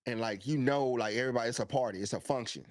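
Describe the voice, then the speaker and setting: A man's voice: mid-range voice, rapid-fire, no echo. Hyped-up podcast guy, dry close sound. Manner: animated, hype storytelling with laughs and shout-outs. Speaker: podcast co-host. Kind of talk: casual live-stream chat.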